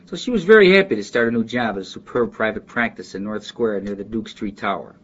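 A man's voice: on the low side, lively intonation, quick pace, lo-fi sound. A man with a Chicago accent who reads a short story aloud and then chats loosely about how people talk, with restarts along the way. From Chicago, near West Side. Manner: rambling, with restarts and asides. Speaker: dialect archive speaker. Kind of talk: reading a passage, then casual talk.

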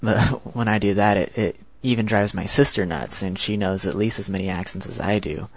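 A man's voice: on the low side, fairly even intonation, normal speed. A 19-year-old man with an American accent, talking in a chatty, rambling monologue. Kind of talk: casual spoken monologue.

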